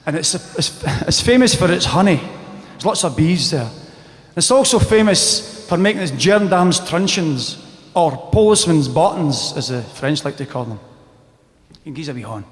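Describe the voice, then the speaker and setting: A man's voice: fairly high pitch, expressive, normal speed, in a large hall. A Scottish man, a folk singer telling rambling stories between songs at an outdoor gig, breaking into song now and then. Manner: chatty, rambling, bursts into song. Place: outdoor square at a live event.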